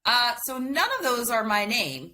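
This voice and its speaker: A young woman with a bright, forceful voice tells her story as an interview guest. She talks in an animated, chatty way with lots of "like" fillers, over a faint hiss of background noise. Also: on the high side, measured pace, rough recording. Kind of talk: casual interview chat.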